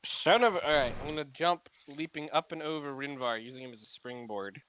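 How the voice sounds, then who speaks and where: A man playing a tabletop game, animated and jokey in casual talk. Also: a little high, fairly quick, clean tone, poor audio. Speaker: player.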